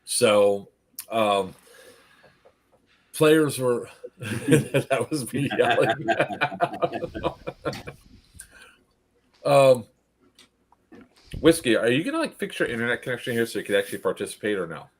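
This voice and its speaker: A man recounting an airsoft-style event to friends in casual chat, laughing often and acting out what the players yelled. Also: medium pitch, sing-song, slow, pauses often. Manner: laughing storyteller, acts out players' lines. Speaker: event organizer recapping a game. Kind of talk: casual group chat recap.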